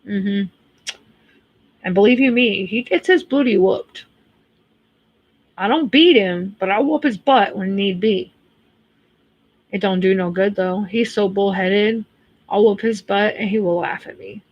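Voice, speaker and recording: A woman in her thirties with an American accent, chatting on a livestream in a blunt, talkative way. Her voice sits at a middling pitch, and the sound is dry and close. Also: unhurried, pauses often, no room sound, dull audio. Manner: blunt, chatty, swears freely. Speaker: livestream host reading chat. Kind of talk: casual chat.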